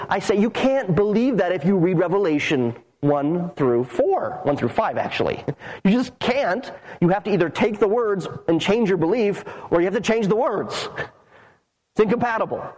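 A man preaching a sermon to his congregation as their pastor, earnest and emphatic, with long pauses between phrases. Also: high voice, expressive, a little mellow, rough recording.

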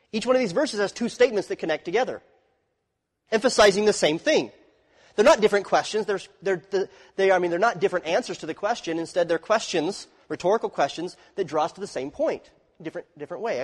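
High-voiced man preaching in a reverberant hall. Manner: swings between hushed low phrases and loud emphatic rises. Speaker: pastor. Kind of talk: sermon.

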